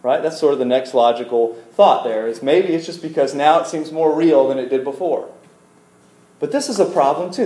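A young male preacher tells the story in a loose, conversational way, animated and quick to throw questions and jokes at his audience. His voice sits a little high for a man. The sound carries the echo of a hall. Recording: echoey hall.

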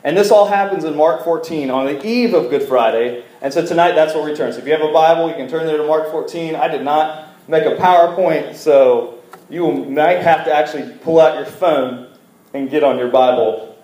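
A man's voice: on the high side, normal speed, darkish tone, echoey room, poor audio. A man preaching a casual, joking sermon to a congregation in a church, asking them to repeat words back to him. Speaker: pastor. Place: church service room.

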